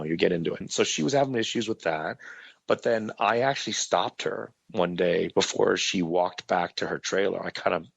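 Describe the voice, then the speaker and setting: A man, a guest in a casual interview, telling animated anecdotes and checking in with "right?". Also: low voice, vocal fry, slightly rough, no echo, lo-fi sound. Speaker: actor guest.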